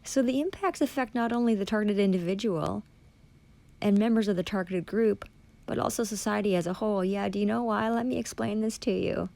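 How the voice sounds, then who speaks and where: A woman in an angry, profane monologue, reading passages aloud and firing back sarcastic accusations. Her voice has a gravelly rasp. Her pitch sits in a middle register for a woman. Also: a little fast, a little mellow. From Canada. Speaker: vlogger reading and rebutting a policy document.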